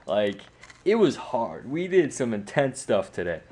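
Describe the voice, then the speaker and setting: A teenage boy rambles through a casual home vlog, his voice at an ordinary middle pitch. He talks loosely and is full of fillers and restarts, making fun of himself. He sounds worn out after a hard practice. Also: very animated, a little slow, a little mellow. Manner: rambling, self-mocking, many fillers. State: tired from sports practice. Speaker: vlogger.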